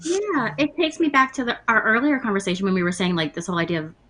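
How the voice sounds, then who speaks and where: A woman speaking on a panel discussion with a bright, forceful tone. She talks in an animated way, laughing easily and playing out the voices of people in her story. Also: on the high side, quick pace, rough recording. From Latina. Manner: animated, laughing, acting out quotes.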